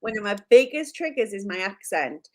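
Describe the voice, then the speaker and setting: This Geordie woman from Newcastle co-hosts a live chat, spinning stories peppered with "like" and self-deprecating laughter. She speaks at medium pitch and a moderate pace, her pitch swinging widely.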